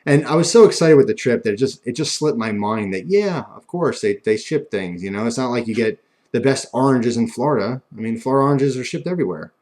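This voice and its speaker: A man's voice: mid-range voice, animated, brisk, a little mellow. A young man telling stories in a casual, rambling and self-mocking way, with frequent restarts. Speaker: vlogger. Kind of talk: casual storytelling.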